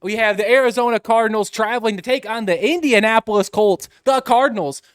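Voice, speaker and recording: A man's voice: high-pitched, a little fast, smooth, no echo, clean studio sound. A young man hosting a casual sports picks chat, joking and upbeat in his banter. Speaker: host.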